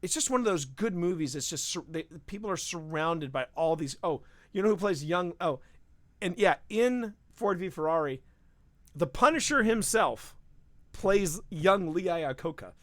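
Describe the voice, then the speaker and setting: Animated rambling male podcast host. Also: high voice, normal speed, no echo. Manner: animated, rambling, frequent restarts. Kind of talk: casual live-stream chat.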